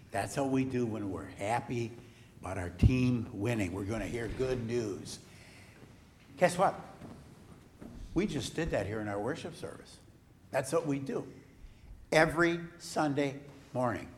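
A man serving as pastor, reading the gospel and then giving a lively children's message in church, coaxing the kids to cheer and repeat after him. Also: fairly high pitch, slight background noise. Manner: slow, animated, coaxing children to join in. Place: church sanctuary.

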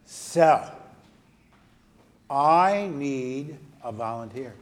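A man, a pastor, gently leading a children's message during a church service. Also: medium pitch, lively intonation, drawn-out words. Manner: gentle, coaxing, talks to children. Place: church sanctuary.

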